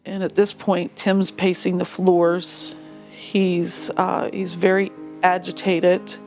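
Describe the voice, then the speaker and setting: A widowed mother in an interview, telling her story in a halting way with frequent restarts. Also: fairly low pitch, little pitch movement, darkish tone, soft background music. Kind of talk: recounting a personal story in an interview.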